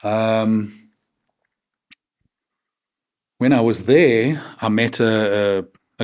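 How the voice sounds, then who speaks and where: A South African man in his fifties, a guest on a talk show, telling stories frankly and tagging his sentences with "man" and "right?". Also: fairly low pitch. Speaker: podcast guest. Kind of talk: candid conversational interview.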